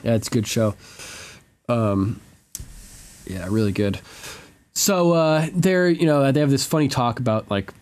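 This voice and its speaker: A man's voice: medium pitch, expressive, unhurried, pauses often, a little mellow. A man co-hosting a casual podcast chat, retelling TV scenes animatedly, acting out quotes and laughing often. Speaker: podcast co-host.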